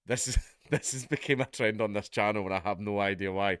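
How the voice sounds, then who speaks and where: A man's voice: lowish voice, a little fast, fairly bright tone, clear, resonant tone, no echo, clean studio sound. A man with a Scottish accent, chatting casually as he reads out and comments on a news article, swearing and laughing now and then. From Scotland. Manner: chatty, swears, laughs at his own jokes. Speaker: YouTube commentator.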